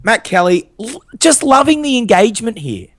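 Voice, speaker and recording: A man's voice: very high voice, sing-song, normal speed, fairly bright tone, dry recording, studio quality. A young man co-hosting a podcast, telling stories and reading listener reviews in an upbeat, enthusiastic way. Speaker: podcast co-host. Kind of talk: casual chat.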